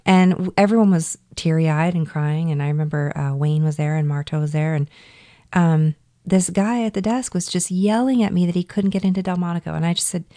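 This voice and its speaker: A woman's voice: lowish voice, brisk, mellow. A woman guesting on a casual podcast chat, earnest and emphatic as she tells her stories. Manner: earnest, emphatic retelling of past exasperation.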